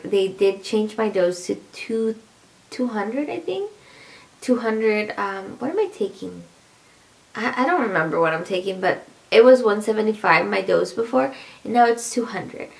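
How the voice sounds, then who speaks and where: A woman's voice: medium pitch, vocal fry. A pregnant woman chatting to her viewers in a casual vlog, rambling and laughing often as she talks. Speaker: vlogger.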